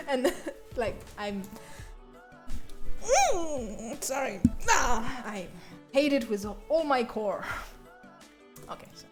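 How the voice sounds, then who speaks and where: Bubbly French woman, high voice. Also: slow pace, pauses often, a little mellow, soft background music. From France. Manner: bubbly, laughs often, slips into squeaky bursts. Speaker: art streamer. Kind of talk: casual live-stream chat.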